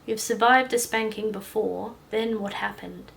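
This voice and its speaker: A woman voicing a calm, firm male doctor who speaks in a gentle, hushed tone. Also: medium pitch, unhurried, creaky, slight background noise. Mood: gently stern. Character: calm, stern middle-aged male doctor and caregiver.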